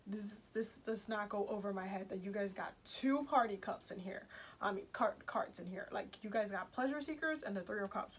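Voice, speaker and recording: A woman's voice: medium pitch, a little hiss or hum. A woman giving a casual, chatty tarot reading to her viewers, emphatic and repeating herself, with many fillers. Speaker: tarot reader.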